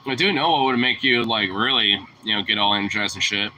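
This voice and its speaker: A man's voice: fairly low pitch, brisk, bright, forceful tone, slight background noise, low-quality recording. A young man talking casually to his dog, teasing it, laughing often and swearing freely. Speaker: vlogger.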